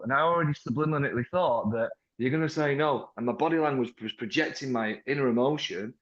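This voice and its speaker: A British man in the car trade, talking casually in an interview, animated and full of restarts, often acting out conversations with customers. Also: medium pitch, quick pace, hardly any pauses. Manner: animated, acts out sales-floor dialogues, frequent restarts. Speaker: car sales manager, interview guest. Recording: roomy, slightly dull sound.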